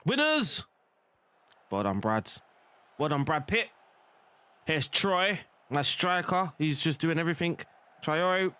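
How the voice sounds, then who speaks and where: Excitable man calling his football game. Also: fairly high pitch, a little slow, clean tone, no room sound. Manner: excitable, shouting at plays. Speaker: gaming streamer. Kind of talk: live game commentary.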